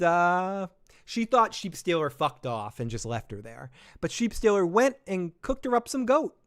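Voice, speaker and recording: A man's voice: on the high side, a bit bright, smooth. A man hosting a live episode reaction stream, talking casually with lots of swearing, laughs and self-deprecating jokes.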